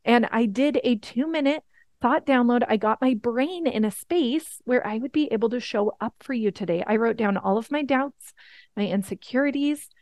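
A woman's voice: on the high side, normal speed, darkish tone, dry recording. A woman in her thirties teaching a coaching webinar, earnest and encouraging, often checking in with "right?". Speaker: life coach.

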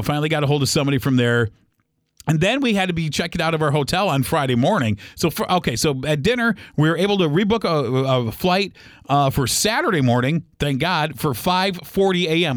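Fast-talking middle-aged man telling a story. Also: on the high side, dry recording, studio quality. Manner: animated, rambling retelling with many restarts. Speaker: podcast host. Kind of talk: casual storytelling.

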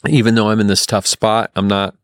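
A man telling a long personal story in casual podcast talk, full of restarts and fillers, getting animated when he quotes people. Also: on the low side, brisk, no room sound. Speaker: podcast guest.

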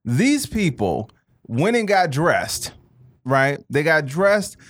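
A man co-hosting a podcast in casual, profane banter, animated and mocking, swearing freely. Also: on the high side, takes it slowly. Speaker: podcast co-host.

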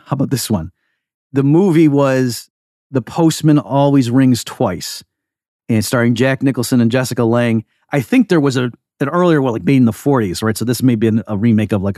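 Man, podcast host, emphatic, chatty asides, mid-pitched, dry close sound. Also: darkish tone, no echo. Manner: emphatic, conversational, frequent asides. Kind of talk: casual solo commentary.

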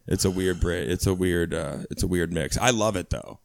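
A man guest on a podcast in casual chat, laid-back and quick to laugh. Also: sits low, creaky, no room sound, studio quality.

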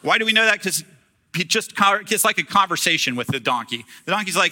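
A man's voice: sits high, expressive, fairly quick, pushed and bright. A man preaching a sermon as a pastor, retelling a scripture story in casual, humorous storytelling.

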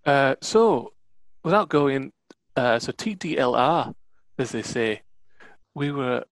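A game master putting on a gruff warden of a frozen mountain outpost, speaking in a broad, put-on Scottish accent. The talk is brusque and teasing in a tabletop game, with a middling pitch and a dry, close sound. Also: animated, slow, dry recording. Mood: blunt. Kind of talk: tabletop role-play narration.

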